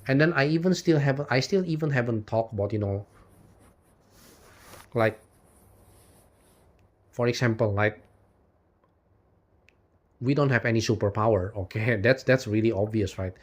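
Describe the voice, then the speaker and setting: A man's voice: mid-range voice, moderate pace, pauses often. A man delivering an unscripted philosophical monologue as a video host, rambling with constant "you know"s and restarts, swearing out of frustration and laughing between points. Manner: frustrated, swears and then apologizes.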